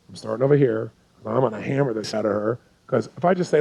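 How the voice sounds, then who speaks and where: A man's voice: mid-range voice, animated, fast talker, gravelly, few pauses, a little mellow, husky, muffled recording. A man teaching a live seminar as a coach, talking intensely and firing rhetorical questions at his audience.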